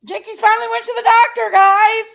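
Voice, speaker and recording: A livestream host, she talks a little fast in a high, slightly bright voice with gravelly fry and a flat delivery. Chatting casually, she greets each viewer by name, says honey and y'all, and opens up with emotion about her personal struggles.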